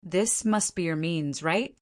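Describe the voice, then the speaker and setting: A woman's voice: lowish voice, slow pace. A woman reading as a polite snake-demon mother. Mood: courteous.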